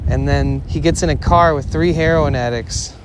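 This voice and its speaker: A man's voice: a little high, normal speed. Young man rambling a story outdoors. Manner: rambling, full of "like" fillers, swearing, laughing. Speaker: IRL streamer. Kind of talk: casual storytelling on a live stream. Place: outdoors in a city. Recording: outdoor street noise.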